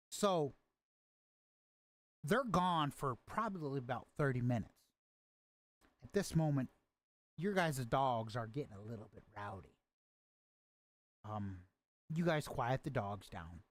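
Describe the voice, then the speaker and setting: A man narrating as game master of a tabletop game, halting with many restarts and fillers. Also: mid-range voice, animated, dry recording.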